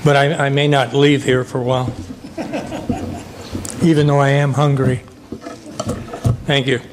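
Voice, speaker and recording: A man's voice: medium pitch, flat delivery, unhurried, heavy background noise. A man with a New Jersey accent leading a public debate in a restaurant meeting room, folksy and joking with the audience.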